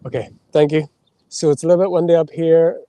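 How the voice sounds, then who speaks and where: A man hosting a spiritual livestream outdoors, chanting flowing invented-sounding syllables and reading channeled teachings slowly, with the mic held close to his mouth. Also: fairly high pitch, little pitch movement, warm tone, no room sound. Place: outdoors in a windy spot.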